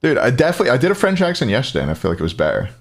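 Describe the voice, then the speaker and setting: A man's voice: mid-range voice, huge pitch swings, racing. Chatty man hosting a tournament stream. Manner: chatty, thinks aloud, answers chat. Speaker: esports tournament host. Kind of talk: casual live-stream chat.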